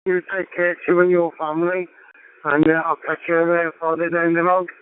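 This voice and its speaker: Flat-voiced man on a tinny ham radio. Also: fairly high pitch, smooth. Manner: measured, technical, with fillers.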